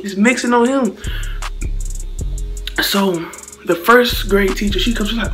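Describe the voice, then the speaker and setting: A man's voice: high-pitched, normal speed, faint music behind. A young man from Slidell, telling a story casually in slang and acting out the blows with sound effects. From Slidell, Louisiana. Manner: animated, slangy, acts out hits with sound effects. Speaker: vlogger.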